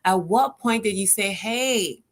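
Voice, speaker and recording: A woman's voice: fairly low pitch, moderate pace. A woman hosting an interview over a video call. She asks questions and answers with encouraging, affirming remarks. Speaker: host. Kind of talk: casual interview chat.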